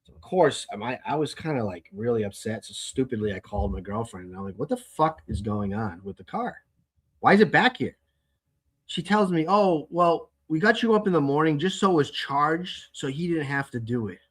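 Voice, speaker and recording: A man's voice: mid-range voice, lively intonation, normal speed, slightly rough. A man hosting his own show, telling a long story in an exasperated, profane rant and often repeating words as he talks. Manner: exasperated, heavy swearing, repeats himself. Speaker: podcast host. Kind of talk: casual ranting monologue.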